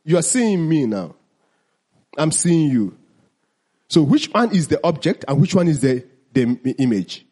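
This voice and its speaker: A man with a high, husky voice leads a teaching talk, calling out questions and then answering them himself. His pitch swings widely, and he stretches out the words he wants to stress. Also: very animated, a little slow, long pauses, dark tone. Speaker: mindfulness teacher.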